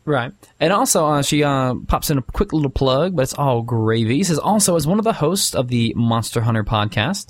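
A man co-hosting a casual podcast, reading a listener email aloud with halting filler pauses and quick asides. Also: mid-range voice, animated.

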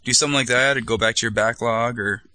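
A man co-hosting a casual gaming podcast, joking with quick asides. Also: mid-range voice, steady tone, sharp tone, slight background noise. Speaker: podcast co-host. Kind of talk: casual chat.

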